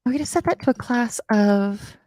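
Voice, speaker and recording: A woman's voice: a little high, expressive, moderate pace, darkish tone, dry recording, clean studio sound. A woman teaching coding on a live stream, chatty and self-deprecating, with playful asides and the odd whisper. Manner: slips into playful quoted voices and whispers.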